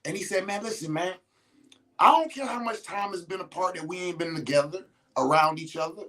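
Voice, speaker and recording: Here a podcast host speaks in a high-pitched, slightly bright voice, a little fast, over a low-quality recording. He addresses his listeners casually and bluntly, swearing liberally and emphatically, often breaking off to restart sentences as he spins stories.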